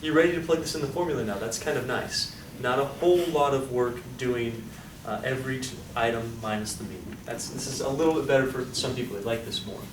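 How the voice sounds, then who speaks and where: A man's voice: mid-range voice, a little fast. A man teaching a classroom lecture, upbeat, quizzing his students and coaxing answers out of them. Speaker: statistics lecturer. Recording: echoey room, distant mic, background noise.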